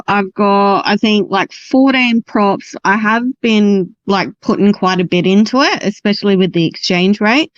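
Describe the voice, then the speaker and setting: Australian woman, from around sydney, casual chat, slow, says um and like, dull lo-fi audio. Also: mid-range voice, no room sound. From Sydney area, Australia. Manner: chatty, lots of um and like. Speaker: guest player.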